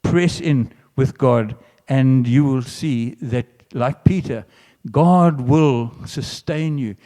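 A man's voice: mid-range voice, takes it slowly, mellow. A man preaching a sermon in an earnest way, often restarting phrases and lifting his voice for emphatic quoted lines. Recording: long hall reverb.

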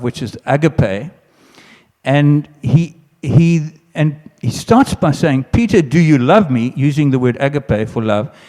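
A man preaching with a mellow, warm tone and an earnest delivery. He often restarts his phrases and rises for emphatic lines. His voice carries a long hall reverb. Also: on the high side. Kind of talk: sermon.

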